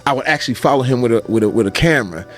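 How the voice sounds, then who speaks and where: A man as a podcast guest telling a lively story, repeating words, laughing and acting out the people he quotes. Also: mid-range voice, racing. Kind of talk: animated storytelling.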